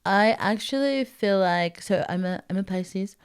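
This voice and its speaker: Giggly woman with a smooth voice. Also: medium pitch, unhurried. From Texas, USA. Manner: rambling, giggly, self-deprecating. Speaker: comedian guest. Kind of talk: casual podcast chat.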